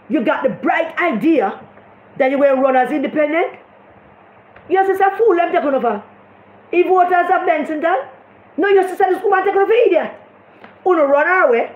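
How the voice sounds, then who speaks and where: A high-voiced Jamaican woman rants about local politics in a blunt, mocking way, dropping into patois. Her voice rings around a roomy space, and the recording sounds slightly dull. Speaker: political commentator. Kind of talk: casual political commentary vlog.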